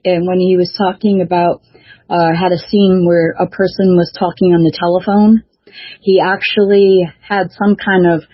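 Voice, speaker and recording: A woman who writes and hosts a show chats casually in a lowish, slightly breathy voice. She speaks hesitantly with many fillers and restarts. The recording is dull, lo-fi and dry.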